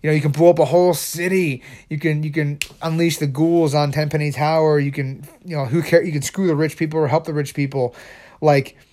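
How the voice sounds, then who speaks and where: A man hosting his own podcast, chatting casually and excitably, rambling with frequent restarts. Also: a little high, fairly quick. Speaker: podcast host. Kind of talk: casual solo podcast chat.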